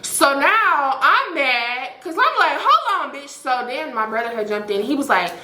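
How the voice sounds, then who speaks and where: A woman hosting a storytime, telling a story in an animated, profane way and acting out what people said. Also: sits high, measured pace, reverberant. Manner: animated, profane, acts out quoted lines. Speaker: storytime host. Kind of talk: casual storytelling.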